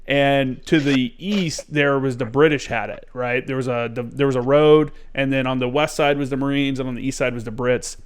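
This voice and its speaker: Man, podcast host, smooth resonant voice, animated storyteller, casual swearing. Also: mid-range voice, normal speed, few pauses. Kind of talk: casual conversation.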